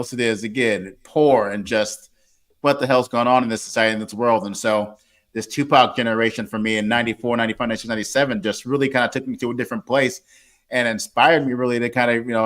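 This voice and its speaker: Guest author, man in his 40s, crisp forceful tone, rambling casual talker. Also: medium pitch. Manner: rambling, lots of fillers and restarts. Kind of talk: casual interview talk.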